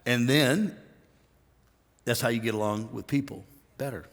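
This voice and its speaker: A man's voice: medium pitch, unhurried, big-room sound. A man preaching a conversational sermon as pastor, telling stories and acting out other people's lines. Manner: storytelling, animated quoting of others.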